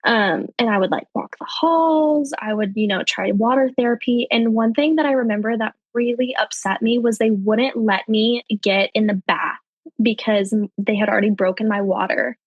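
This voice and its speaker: A young adult woman, a podcast guest telling her personal story in a chatty way, full of fillers, her voice jumping higher when she quotes people. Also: moderate pace, no echo, highs cut off. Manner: chatty, heavy with fillers like um and you know.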